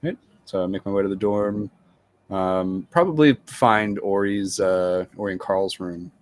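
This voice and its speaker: A man with a fairly low voice plays a tabletop game, talking in a relaxed, halting way full of fillers. He thinks aloud as he describes what his character does. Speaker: player.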